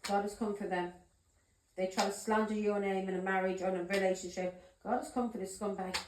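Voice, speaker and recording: A woman's voice: mid-range voice, steady tone, fairly quick, echoey room, noisy background. A woman giving a tarot reading to her viewers, talking in an insistent, repetitive, accusing way. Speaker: tarot reader.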